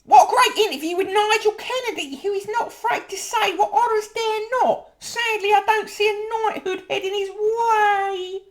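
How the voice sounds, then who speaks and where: A man putting on a squeaky fussy old letter writer. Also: normal speed, hardly any pauses. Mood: indignant. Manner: mock-earnest reading in a high strained voice.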